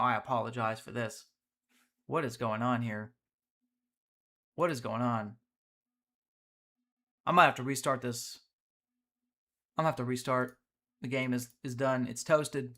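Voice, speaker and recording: A man hosting a live gameplay stream, energetic and chatty, talking to his viewers as he plays. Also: mid-range voice. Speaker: streamer, host.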